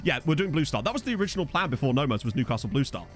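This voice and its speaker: Faint music plays behind a fatigued game streamer who rambles through viewer comments, knocking himself and filling gaps with ums and likes. His mid-range voice is very animated and he talks at a racing clip.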